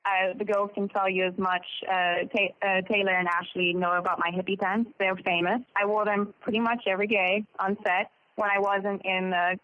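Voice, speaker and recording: A woman's voice: mid-range voice, flat delivery, moderate pace, few pauses, no echo. Bubbly woman on lo-fi call audio. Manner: bubbly, self-deprecating, laughs. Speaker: actor, interview guest. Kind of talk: casual interview chat.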